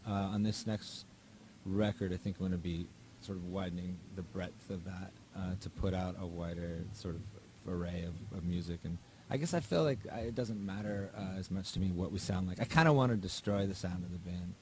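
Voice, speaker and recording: A man's voice: deep voice, a little fast, slight background noise. A male musician talking casually in an interview, loose and rambling with plenty of fillers. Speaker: musician guest.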